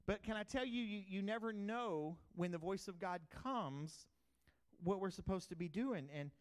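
A middle-aged man, a pastor with a high voice and a clean tone, preaches at a moderate pace. The sermon unfolds like a story told in conversation, with swings from loud bursts down to quiet asides.

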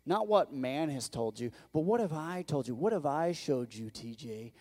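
With lively intonation, a slightly fast pace, and hardly any pauses, a male pastor preaches a conversational sermon. He quizzes the congregation, acts out quoted voices, and shifts between loud bursts and quiet, low asides.

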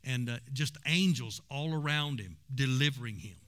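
A man preaching, his voice bright and forceful. He tells stories with plenty of emphasis. His pitch sits in the middle range. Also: animated, moderate pace. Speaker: pastor. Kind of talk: sermon.

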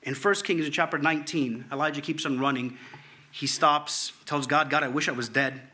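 A man preaching a sermon, reading scripture aloud in an animated way, at times dropping to a hushed tone. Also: on the high side, normal speed. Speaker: pastor.

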